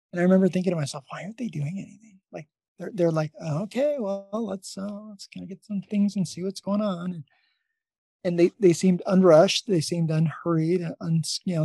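Gravelly man telling a nurse story. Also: a little high, warm tone, dry recording. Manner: rambling, with many restarts. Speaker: nurse and podcast host. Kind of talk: casual interview storytelling.

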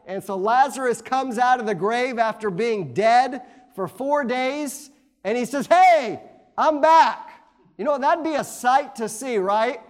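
High-voiced man preaching a sermon. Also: measured pace. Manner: conversational preaching with "amen?" asides and fillers; reads scripture aloud in King James wording.

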